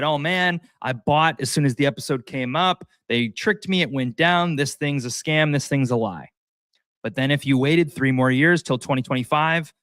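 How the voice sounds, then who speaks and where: A man's voice: on the high side, a bit bright, dry recording. A man hosting a casual livestream, rambling animatedly and talking straight to his viewers. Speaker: livestream host.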